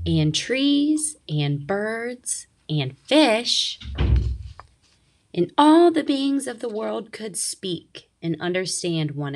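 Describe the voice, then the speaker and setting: A woman reading a picture book aloud, slow and expressive. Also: mid-range voice. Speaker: narrator.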